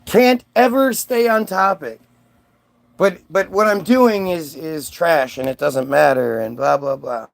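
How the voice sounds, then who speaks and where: A man's voice: a little high, unhurried, gravelly. A man ranting on his own channel in a rambling, profane way, restarting his sentences often. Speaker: vlogger. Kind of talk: ranting monologue.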